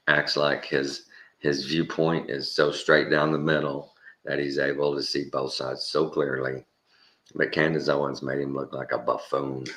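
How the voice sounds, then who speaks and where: A man's voice: a bass voice, fairly bright tone. A man from Texas with a Texan accent, giving a rambling, casual opinion monologue. He chuckles often and repeats himself for emphasis. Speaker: commentary host.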